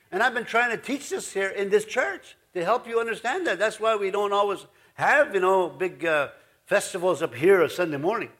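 A man's voice: high-pitched, a bit bright. A man pastor giving a folksy, rambling sermon in his church, full of asides. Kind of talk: conversational sermon.

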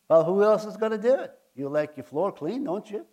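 Male preacher, slightly high voice, earnest, stumbles and repeats himself mid-sermon. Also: animated, mellow. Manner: earnest, halting, often repeats words.

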